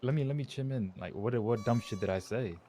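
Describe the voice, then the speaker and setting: A man's voice: medium pitch, fairly quick, warm tone, a little hiss or hum. A man chiming in during a casual chat, interrupting with questions and defending himself. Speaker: co-streamer chiming in.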